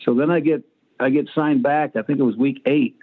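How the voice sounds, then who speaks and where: This interview guest, an ex-pro quarterback in his sixties, speaks at medium pitch in a steady, slightly fast tone. He tells salty, blunt stories full of acted-out quotes, and the phone line sounds thin.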